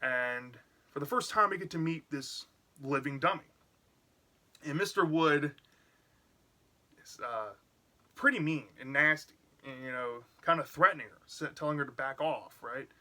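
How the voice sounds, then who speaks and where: Man, book reviewer, casual chatty recap, bright tone, fairly high pitch. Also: normal speed, pauses often. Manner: chatty, often adds "right?" and "y'all".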